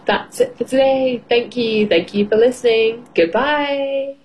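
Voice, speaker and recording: A woman teacher on an educational radio show, reading a children's story aloud and asking learners simple questions in a slow, clear, encouraging way. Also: on the high side, fairly even intonation, darkish tone, slight background noise. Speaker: English teacher. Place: radio studio.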